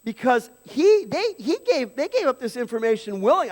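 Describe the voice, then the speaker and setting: Man, pastor, high voice, conversational sermon, acts out quotes, reverberant church hall. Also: moderate pace. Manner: conversational preaching with animated, dramatized quotes. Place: church sanctuary.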